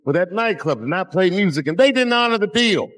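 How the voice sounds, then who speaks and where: A man voicing a gruff male TV producer who talks bluntly and commandingly. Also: sits high, expressive, a little fast, a bit bright, voice pushed up.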